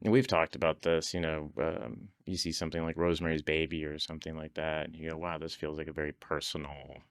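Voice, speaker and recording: A man's voice: very deep voice, steady tone, quick pace, clean tone, dry recording. A man on a podcast telling stories in casual conversation, laughing often and acting out the voices of people he quotes. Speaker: podcast guest.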